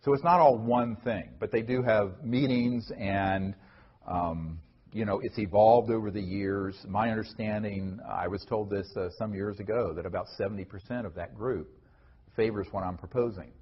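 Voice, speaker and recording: Answering a question from the audience after a lecture, a man talks earnestly in a conversational way, full of fillers and restarts. His voice is fairly low and slightly rough, at a moderate pace. The recording sounds dull and lo-fi.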